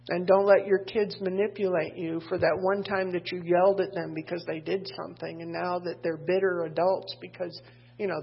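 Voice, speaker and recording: An older woman preaches from the pulpit in a gravelly, husky voice. She drifts into candid stories and pokes fun at herself as she goes. The sermon recording sounds dull and lo-fi. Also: on the low side. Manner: candid, rambling, self-deprecating asides. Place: church pulpit.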